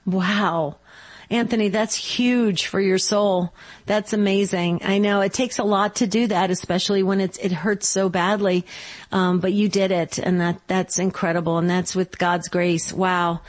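A woman's voice: mid-range voice, steady tone, unhurried. A woman hosting a call-in radio show, affirming and encouraging her callers.

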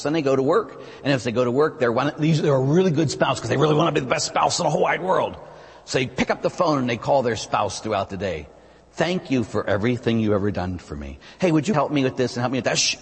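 A man preaching as a Catholic priest, telling stories with lively asides and frequent "huh?" to his listeners. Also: mid-range voice, husky. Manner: animated storytelling with rhetorical "huh?" asides. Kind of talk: sermon. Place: church. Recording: long reverb of a large church.

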